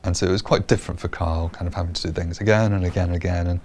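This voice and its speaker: Man, very deep, monotone, gravelly, measured behind-the-scenes explanation, faint ambience. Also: slight background noise. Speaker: producer of the show. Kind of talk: explanatory interview.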